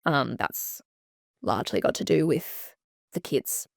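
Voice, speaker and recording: A woman hosting a podcast, chatting in an animated way and swearing freely. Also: very deep voice, a little slow, creaky, no echo. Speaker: podcast host. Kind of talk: casual chat.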